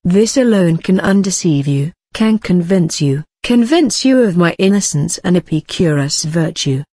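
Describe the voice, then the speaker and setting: A woman voicing a gentle, persuasive young Corinthian man in a storybook reading, speaking calmly and kindly. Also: on the low side, measured pace, no echo, studio quality. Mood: pleading. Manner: calm, kindly pleading.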